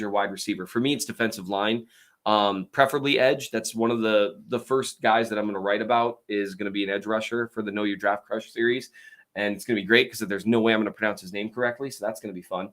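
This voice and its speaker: A man hosting a show, answering viewer questions in a rambling casual chat with many fillers and restarts. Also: medium pitch. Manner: tries to talk louder and slower.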